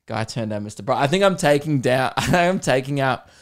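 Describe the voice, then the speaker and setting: A young man hosting a comedy podcast, telling animated stories with swearing and frequent laughter. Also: medium pitch, fairly quick. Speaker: podcast host.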